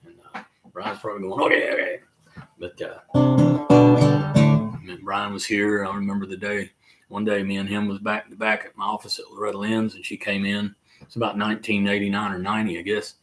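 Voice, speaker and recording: An older man with a Southern accent from the North Carolina mountains, hosting a casual live chat in a folksy, rambling way with drawn-out fillers. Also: lowish voice, monotone, fairly bright tone, faint music behind. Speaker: livestream host and musician.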